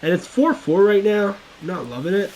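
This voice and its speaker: A young man giving casual commentary over a baseball video game, getting loud and excited at big plays. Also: high voice, brisk, slight background noise. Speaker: gaming YouTuber.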